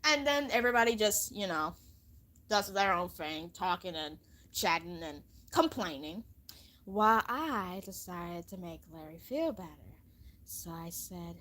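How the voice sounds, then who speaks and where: A woman telling a homemade story in a casual, dramatic way, swinging from hushed to loud. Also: fairly low pitch, animated, measured pace.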